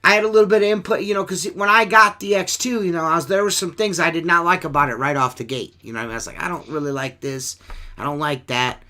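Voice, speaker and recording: A man with a bright, forceful voice pitched a little high, chatting on a casual podcast. He rambles loosely from one thing to the next, with plenty of swearing and filler. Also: very fast, few pauses. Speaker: podcast host. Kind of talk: casual profane podcast chat.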